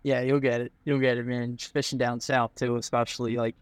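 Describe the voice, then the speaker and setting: A man's voice: medium pitch, flat delivery, a little fast, dry recording. A man from the Philadelphia area hosting a podcast, chatting casually and encouraging his guest. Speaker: podcast host.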